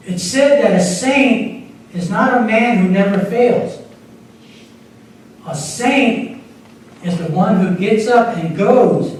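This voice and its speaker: Speaking in a high-pitched voice, a male associate pastor preaches conversationally in a church sanctuary, with small repeats and restarts. The mic sits far off in the echoey room, and there's slight background noise.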